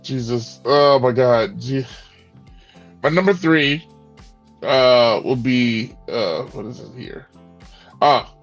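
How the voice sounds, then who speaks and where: A man's voice: medium pitch, slow, long pauses, highs cut off, faint music behind. A man co-hosting a casual wrestling podcast, laid-back and joking, dropping short agreeing interjections. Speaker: podcast co-host.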